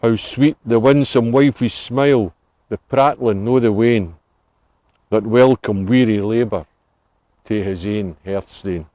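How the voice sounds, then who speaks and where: A Scottish man recites Scots dialect poems outdoors on a cemetery tour, savouring each line. He speaks very slowly and his voice sounds dry and close. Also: fairly low pitch, dark tone, dry recording. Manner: measured, relishing recital.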